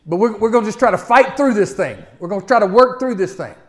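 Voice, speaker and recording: A man's voice: sits high, expressive, quick pace, voice pushed up. A man voicing a crew of blunt pagan sailors who speak in a plain, folksy way. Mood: earnest. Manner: exasperated, plain-spoken, folksy. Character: rough-edged pagan sailors, grown men, blunt.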